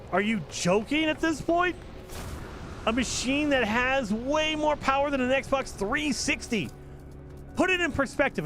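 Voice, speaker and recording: A man giving casual gameplay commentary as a channel host, talking in an animated, exasperated rant. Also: high voice.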